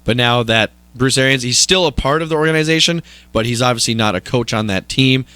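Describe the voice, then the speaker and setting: A man from North Dakota co-hosting a sports radio show, talking in a measured, analytical way with dry humor. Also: medium pitch, sharp tone, clear, resonant tone, no echo. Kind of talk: casual sports talk.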